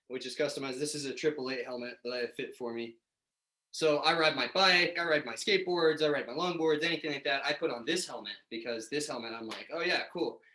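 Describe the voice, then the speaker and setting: A man's voice: mid-range voice, bright, forceful tone, roomy sound, slight background noise, low-quality recording. A young man, a little out of breath, talking in a laid-back, chatty way with some hesitation. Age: young adult. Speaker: guest.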